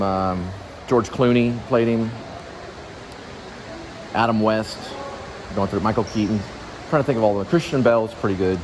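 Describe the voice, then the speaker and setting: A man's voice: on the low side, noisy background. A man vlogging casually as he walks through a shopping mall, rambling and thinking aloud. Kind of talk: casual walking vlog.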